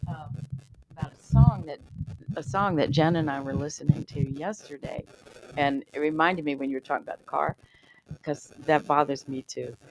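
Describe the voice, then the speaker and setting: Low-voiced woman sharing lightly. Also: moderate pace, noisy background. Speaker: congregant. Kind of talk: sharing an anecdote.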